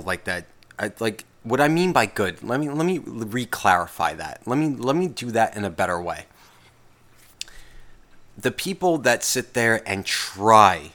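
This solo podcast host has a fairly bright tone on the low side. He rants in a rambling, casual way, swearing constantly and interrupting himself mid-sentence.

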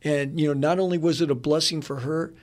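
A man, a pastor and radio guest, telling a story in a rambling, animated way with lots of fillers and quick laughs, in a radio studio. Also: a little high. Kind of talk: casual storytelling.

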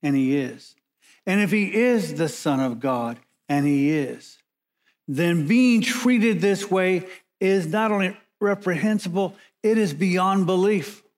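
A man preaching a sermon as pastor, measured and emphatic, slowing down and pausing to stress key words. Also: high-pitched, expressive.

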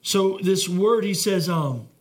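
Male pastor, high voice, talky sermon style with lots of restarts, heartfelt. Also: animated, takes it slowly, a little mellow. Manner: conversational, filler-heavy preaching with many restarts; earnest, heartfelt delivery.

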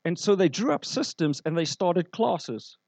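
A man's voice: high-pitched, big pitch swings, a little slow, creaky, darkish tone, dry recording. A man preaching a sermon as pastor, building his points in repeated short emphatic phrases.

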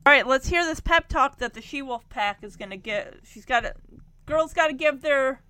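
A woman with a high voice talks through a casual reaction commentary. She laughs often and slips into quick voices to act out what others said. The sound is dry and close. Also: lively intonation, pushed and bright, no room sound. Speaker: reaction video host.

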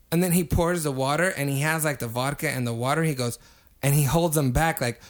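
A young man telling a story in casual podcast chat, animated, swearing freely and getting loud when acting out quotes. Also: fairly high pitch, quick pace. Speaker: podcast co-host.

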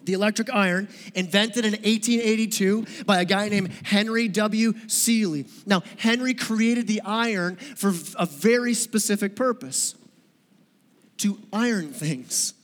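Male pastor, high voice; conversational sermon with humor and questions to the room; long church-hall reverb. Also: measured pace, a bit bright. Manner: conversational, joking, asks the audience questions. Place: church sanctuary.

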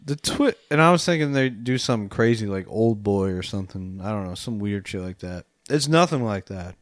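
A man's voice: fairly low pitch, lively intonation, a little fast, dry recording, studio quality. Laughing, swearing man recapping a movie. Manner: laughs often, swears casually, acts out scenes. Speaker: podcast co-host. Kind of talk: casual movie-review chat.

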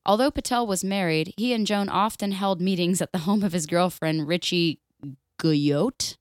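A woman co-hosting a casual podcast reads a story aloud, breaking in with blunt, sweary remarks and laughing often. Her mid-range voice moves fairly quickly, and the studio sound is clean with no echo.

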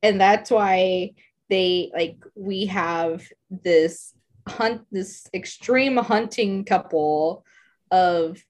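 Unhurried woman chatting about a book. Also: mid-range voice. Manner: conversational, uses "like" and laughs easily. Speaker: podcast co-host. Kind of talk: casual book discussion.

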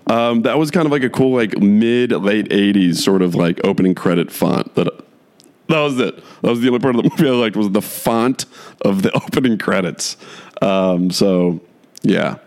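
Male podcast host with a low, gravelly voice; loose, rambling solo chat full of fillers. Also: moderate pace, a little mellow. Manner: rambling, filler-heavy, chuckling often.

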